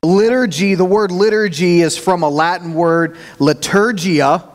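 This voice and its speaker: A man's voice: high-pitched, moderate pace, in a large hall, over music. A man from Oklahoma with an Oklahoma accent, preaching a sermon as pastor in a folksy, self-deprecating way, often repeating words as he thinks.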